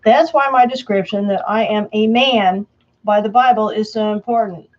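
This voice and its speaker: A woman's voice: mid-range voice, moderate pace. Woman reading an emphatic statement, lo-fi. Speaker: self-proclaimed Antichrist answering questions. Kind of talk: reading a prepared statement aloud.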